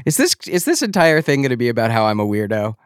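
A man's voice: mid-range voice, huge pitch swings, quick pace, smooth, no room sound, clean studio sound. A man hosting a podcast, telling a story in a wry, self-deprecating way. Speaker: podcast host. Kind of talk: casual storytelling.

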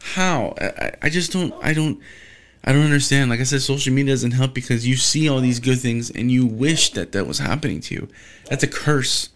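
A man's voice: mid-range voice, brisk, a bit bright. A young man talking casually on his solo podcast, rambling in a frustrated, profane way and often restarting his sentences.

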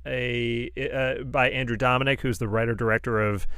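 Smooth-voiced male podcast host. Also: medium pitch, fairly even intonation, a bit bright, no echo, studio quality. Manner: easygoing, affirming, with slow halting intros full of ums. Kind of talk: casual interview chat.

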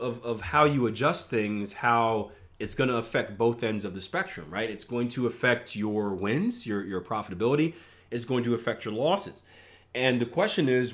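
A man who is a professional trader, walking viewers through trading results in a casual, conversational lesson. He repeats words, tosses in "right?" constantly, and makes playful boastful asides. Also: medium pitch. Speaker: trading instructor. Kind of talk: screen-share trading lesson.

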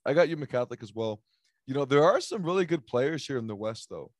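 A man's voice: medium pitch, animated, fast talker, no echo, clean studio sound. A man hosting a casual sports chat, joking and rambling with lots of fillers as he runs through picks. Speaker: sports podcast host.

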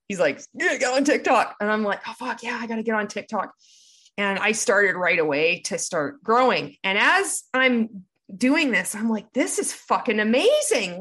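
A woman telling her story candidly in an interview, swearing freely and growing heated and animated. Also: mid-range voice.

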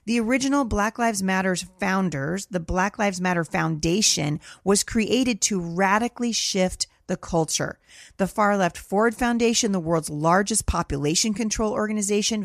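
Gravelly-voiced woman, earnest talk. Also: medium pitch, no echo, studio quality. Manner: earnest, conversational storytelling. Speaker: podcast host. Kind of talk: casual commentary monologue.

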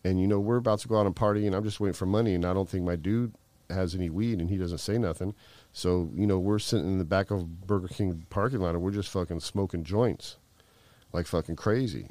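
A middle-aged man tells his story in a loose, rambling way, peppered with swearing and filler words. His voice sits very low, and the recording is dry with no room sound. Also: quick pace, warm tone, no room sound. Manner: rambling, profane, heavy fillers. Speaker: guest. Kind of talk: casual storytelling.

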